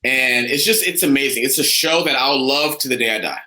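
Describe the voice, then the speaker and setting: A young man from the United States, co-hosting a casual fan chat with eager, animated talk. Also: medium pitch, a little fast, echoey room, poor audio. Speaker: co-host.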